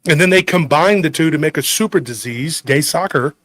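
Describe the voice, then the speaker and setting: Animated chatty man from Texas. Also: on the high side, brisk. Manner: rambling storyteller, mimics relatives in quotes, laughs often. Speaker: podcast host. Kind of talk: casual chat.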